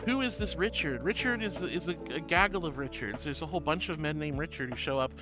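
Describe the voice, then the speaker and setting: A woman's voice: sits low, fairly quick, over music. A woman streaming casually, reading chat aloud in an affectionate, giggly way, calling viewers sweetie and honey and often repeating herself. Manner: rambling, repeats phrases. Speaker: VTuber streamer.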